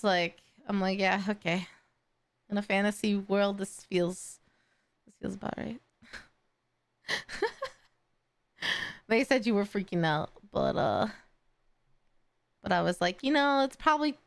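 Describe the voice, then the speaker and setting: A woman streamer chatting casually on a live stream, excitable and swearing freely. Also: mid-range voice, creaky, smooth, no room sound. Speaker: streamer reacting to a video.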